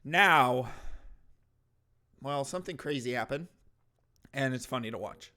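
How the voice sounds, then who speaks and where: A man's voice: mid-range voice, measured pace, pushed and bright. A male host giving casual reaction commentary in a wry, mocking way.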